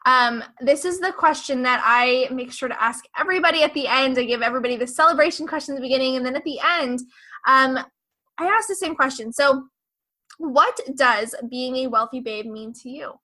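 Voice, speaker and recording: High, bright, gushing woman host. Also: a little fast. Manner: gushing, effusive, swears casually. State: pregnant. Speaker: podcast host. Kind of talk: casual chat.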